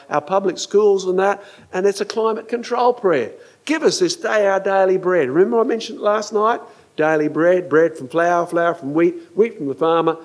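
Older male preacher, animated sermon delivery with a somewhat high voice, acts out quoted lines.

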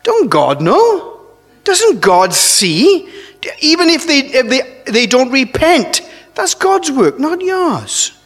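A man preaching a sermon, earnest and halting, often restarting his phrases and pushing up into emphatic rises. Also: high-pitched, fairly bright tone. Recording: long reverb of a large hall.

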